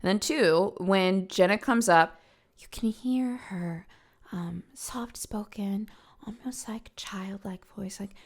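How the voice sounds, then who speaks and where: A woman's voice: mid-range voice, takes it slowly. A young adult woman hosting a podcast, telling a true-crime story casually and emphatically, swearing now and then. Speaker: podcast host.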